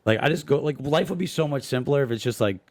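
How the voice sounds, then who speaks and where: A man hosts a loose, crude comedy podcast, cracking jokes and laughing as he talks. His voice sits at an ordinary pitch, recorded close and dry in a studio setup. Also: lively intonation, fast, darkish tone, dry recording. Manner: profane, joking, laughs often. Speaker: podcast host. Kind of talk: casual crude comedy banter.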